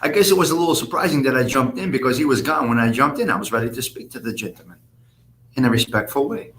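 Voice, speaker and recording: A man's voice: mid-range voice, quick pace, fairly bright tone, slight background noise. Blunt, profane man chatting on a live stream. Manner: blunt, profane, rambling street talk. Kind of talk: casual live-stream chat reading comments.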